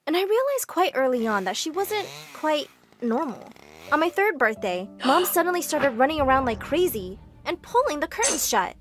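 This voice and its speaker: Woman narrator, high and animated, expressive storytelling read. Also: normal speed. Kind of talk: scripted first-person story narration.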